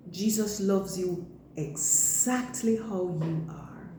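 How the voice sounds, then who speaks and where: Very slow, mellow woman teaching children. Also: medium pitch, expressive, reverberant, slight background noise. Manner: slow and deliberate, simple words for children. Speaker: church school teacher. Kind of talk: children's Bible lesson.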